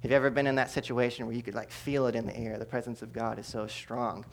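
A man delivers a sermon testimony in a mid-pitched voice. He tells the story with humor and animation, jumping to loud bursts and then dropping to hushed asides. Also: level tone, quick pace. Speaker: preacher giving testimony.

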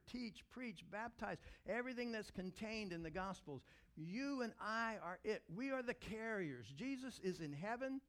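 A man's voice: high-pitched, a bit bright. A middle-aged man preaching a sermon as senior pastor, talking conversationally and building to emphatic peaks.

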